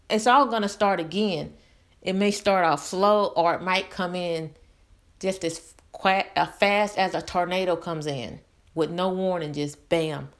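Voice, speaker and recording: Earnest woman vlogger talking candidly. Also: fairly low pitch. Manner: earnest, repetitive emphasis. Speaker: channel host. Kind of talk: personal vlog talk.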